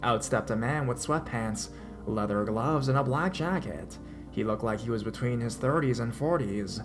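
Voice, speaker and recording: A man reads out a horror story in a dramatic way, his voice rising and getting louder as the tension builds. His pitch is ordinary, neither high nor low. Soft background music plays beneath the narration. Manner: dramatic reading, pitch and loudness swelling in tense parts. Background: faint music.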